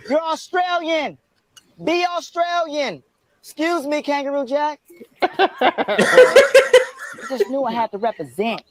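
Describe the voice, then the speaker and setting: Brash young rapper-actor in a comedy film, talking loud and boastful with laughter breaking through. His voice sits high and swings widely in pitch. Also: exaggerated voice. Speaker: film character in a played clip.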